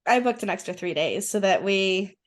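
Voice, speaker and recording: A woman's voice: mid-range voice, lively intonation, moderate pace. A woman chatting as a guest, enthusiastic and rambling with many restarts. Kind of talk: casual conversation.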